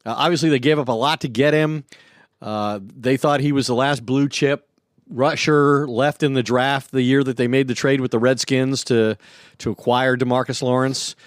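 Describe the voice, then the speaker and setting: A male sports reporter talking on a podcast in a steady, knowing manner. His pitch is ordinary for a man, and the recording is close and dry. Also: no room sound. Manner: measured, informed, adds inside details. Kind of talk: casual sports podcast chat.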